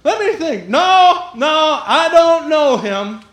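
A flustered male disciple, evasive and playing dumb, as a Southern US preacher puts him on. The voice sits very high and rings in a roomy hall. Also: huge pitch swings, takes it slowly, full character voice.

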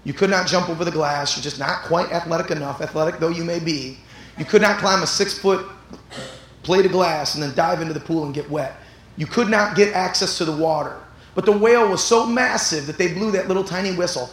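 A man delivers a sermon in a high voice, working his stories up until he is shouting. He speaks from a church sanctuary, and his voice rings through the echoey hall with a faint hum of room noise underneath. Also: fairly quick. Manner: animated storytelling that builds to shouts. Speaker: pastor.

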